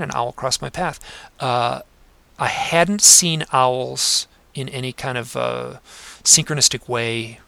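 A man guesting on a podcast, telling personal stories in an earnest, reflective way, pausing often with fillers. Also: medium pitch, gravelly, pushed and bright, no echo. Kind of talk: conversational storytelling. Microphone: home desk microphone.

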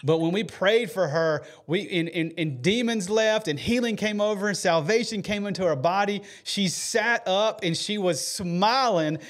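A man's voice: high-pitched, moderate pace, few pauses. A man hosting a faith podcast, telling a story earnestly and emotionally, with many fillers and restarts. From United States. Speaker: podcast host.

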